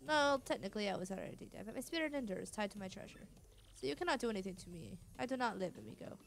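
A woman's voice: mid-range voice, lively intonation, quick pace, gravelly, a little hiss or hum. A woman voicing a ghostly old male pirate king in a theatrical, boastful way, with a put-on Spanish accent.

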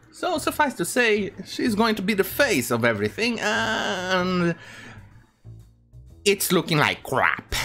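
A commentary channel host giving dismissive, halting opinion commentary. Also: medium pitch, fairly bright tone.

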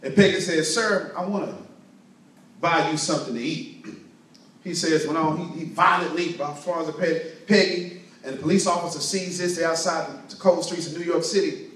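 A man's voice: fairly high pitch, steady tone, normal speed, fairly bright tone. A man giving a motivational sermon, preaching emphatically and telling a story to a responsive crowd. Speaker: motivational speaker. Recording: very echoey room, distant mic.

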